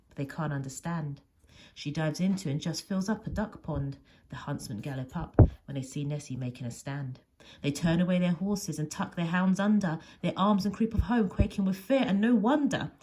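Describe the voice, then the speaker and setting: A woman's voice: lowish voice, dark tone. A woman teacher reading a picture book aloud with expression, often dropping to a whisper. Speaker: primary school teacher.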